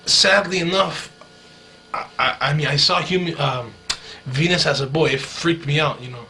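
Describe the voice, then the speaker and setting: A man's voice: fairly high pitch, normal speed, bright, forceful tone, a little hiss or hum, rough recording. A man recording a rambling monologue diary, hesitant and full of fillers and restarts, sounding dreamy and awed.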